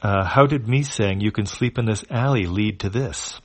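Man reading as a sardonic tired drifter, deadpan, low voice barely lifted. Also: moderate pace, natural voice. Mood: wry. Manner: dry and sardonic.

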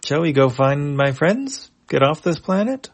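A man voicing a dopey, sauntering male comic character with a slow, goofy, drawn-out delivery. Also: on the high side, sing-song, voice pushed up, exaggerated voice. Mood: dopey, cheerful.

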